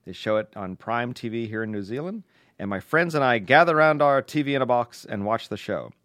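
A man's voice: mid-range voice, expressive, fairly quick, fairly bright tone, no echo. Man reading listener mail on a dry mic. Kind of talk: casual podcast chat, reading letters aloud.

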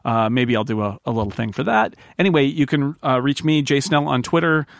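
A man's voice: mid-range voice, brisk, creaky, no echo, studio quality. A man co-hosting a casual podcast, chatty and laughing often as he reads listener mail. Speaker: podcast co-host.

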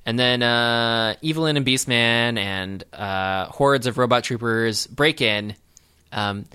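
This podcast co-host is a man with a medium-pitched, pushed, bright voice and a clean tone, speaking slowly. He rambles casually about a movie, laughing often and using lots of fillers.

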